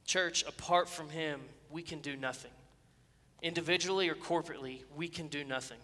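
Preacher guy, high bright voice, fired up, big echoey church. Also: fairly quick. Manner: earnest, passionate, with restarts and emphatic builds. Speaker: pastor. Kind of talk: sermon.

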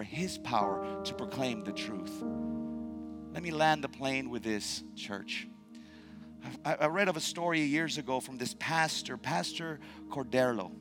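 A man pastor preaching a sermon to his church. He stresses key words by repeating them and moves between quiet, slow lines and loud, raised passages. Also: fairly high pitch. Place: church sanctuary.

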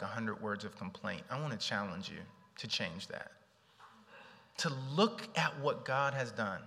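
A male pastor preaching an earnest sermon, swinging between loud emphasis and soft, close appeals. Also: medium pitch. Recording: long reverb in a large hall.

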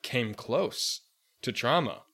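A man co-hosting a casual podcast, telling about the book in a grave, animated way. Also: medium pitch, slow pace, creaky. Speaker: podcast co-host.

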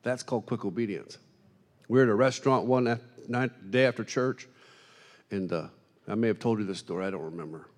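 A man preaching a sermon, telling funny stories in an animated, self-deprecating way to a congregation. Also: lowish voice, fairly quick. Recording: long hall reverb.

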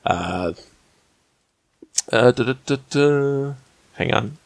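A man's voice: medium pitch, lively intonation, extremely slow, vocal fry, no room sound. A man casually recapping a TV episode as a podcast host, rambling with lots of fillers and restarts. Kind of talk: casual chat.

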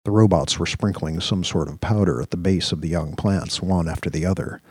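A male storyteller with a very low, husky voice reads a science-fiction audio drama in a measured, descriptive manner. The recording is close and dry, with no room sound. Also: darkish tone, no echo. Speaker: narrator. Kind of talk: scripted audio-drama narration.

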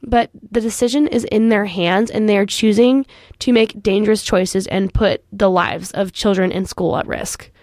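A woman's voice: mid-range voice, fairly even intonation, moderate pace, a little mellow, no room sound. A young woman in her late teens hosting a youth radio show, talking in an earnest, frustrated, impassioned way and saying "like" often. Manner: frustrated, earnest, heavy use of "like". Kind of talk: impassioned personal commentary.

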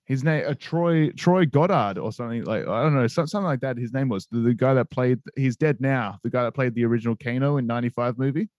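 A man's voice: medium pitch, quick pace, hardly any pauses, darkish tone, no room sound, lo-fi sound. A young Australian man from Perth, a guest on a podcast, giving blunt, sweary opinions in casual chat.

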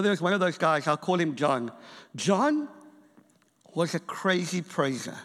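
A man preaching a sermon in a church, telling a story and acting out the people in it. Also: high-pitched. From England and South Africa. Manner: animated storytelling preacher, acts out quotes. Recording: church hall reverb.

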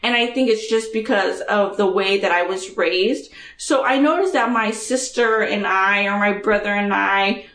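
A woman co-hosting a podcast in casual chat, blunt and animated, cursing freely as she talks. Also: mid-range voice, measured pace, hardly any pauses, roomy sound. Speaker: podcast co-host.

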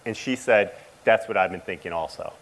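A middle-aged man sharing an emotional personal testimony as a father, speaking haltingly with frequent restarts. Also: sits low, poor audio. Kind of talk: personal testimony to a church audience.

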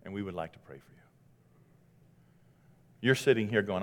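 A man's voice: fairly low pitch, animated, moderate pace, pauses often. Preaching man in a reverberant church. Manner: dramatic, swings from hushed to loud exclamations. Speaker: pastor. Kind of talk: sermon. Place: church sanctuary.

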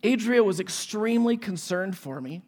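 A man in his forties, a pastor, telling a lively personal story in a sermon and acting out the dialogue. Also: sits high, normal speed. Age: 40s.

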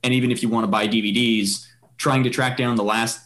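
A man's voice: mid-range voice, steady tone, a little fast, fairly bright tone. Rambling male podcast host. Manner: rambling, many fillers and restarts. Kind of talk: casual podcast chat.

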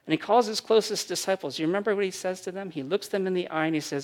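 A pastor with a voice pitched a little higher than most men's preaches a quick-paced, animated sermon. He acts out the voices of those he quotes and shifts between loud, punchy emphasis and quiet, hushed lines.

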